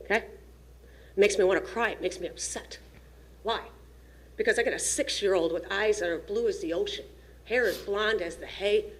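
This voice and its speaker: A woman's voice: mid-range voice, normal speed. A woman giving an emotional, pleading public comment at a school district meeting, nervous and shaking as she speaks into a podium microphone. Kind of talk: impassioned public comment speech.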